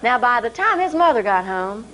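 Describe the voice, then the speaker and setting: A woman telling a folk tale to a live audience in a folksy, expressive way. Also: a little high, moderate pace, a little hiss or hum, poor audio. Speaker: storyteller.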